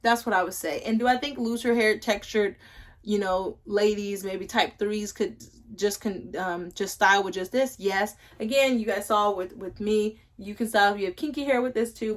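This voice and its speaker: A young woman chatting casually at home as she reviews hair products, rambling with playful asides to her viewers. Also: medium pitch. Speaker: hair care vlogger.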